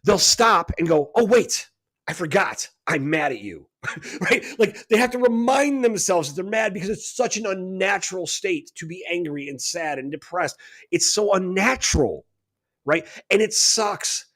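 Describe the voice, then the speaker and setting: A man's voice: high voice, lively intonation, normal speed, fairly bright tone. A man co-hosting a radio talk show, talking in an emphatic, preachy way and often tossing in "right?". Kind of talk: casual spiritual talk.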